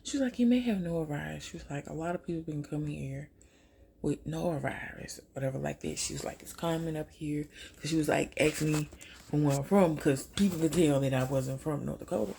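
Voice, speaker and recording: A young woman from Louisiana tells a story while doing her makeup. She jumps up into a high voice whenever she quotes people. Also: a little fast, vocal fry, dark tone, a little hiss or hum. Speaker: vlogger.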